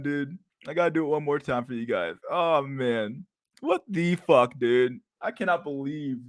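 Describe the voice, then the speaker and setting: A young man hosting a livestream, ranting casually with heavy swearing and loud bursts of laughter. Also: fairly high pitch, lively intonation, a little slow, no echo, faint music behind. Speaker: livestream host.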